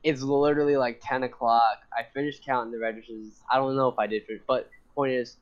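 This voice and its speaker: A young man telling a long story in casual chat, rambling and animated, swearing and laughing often. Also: medium pitch, brisk. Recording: dull lo-fi sound.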